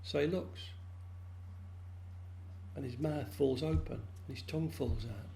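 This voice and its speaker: A man telling a folk tale to friends over a video call, lively and animated, jumping into high squeaky voices for the characters. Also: unhurried, vocal fry, slight background noise. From England. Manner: lively, acts out frog voices with big pitch jumps. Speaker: storyteller.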